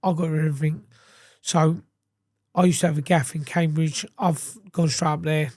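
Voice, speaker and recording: English man, fairly high voice, dry close sound, sweary candid storytelling, interview guest. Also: level tone, normal speed, a little mellow, dry recording. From England. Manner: casual, heavy swearing, acts out quoted speech.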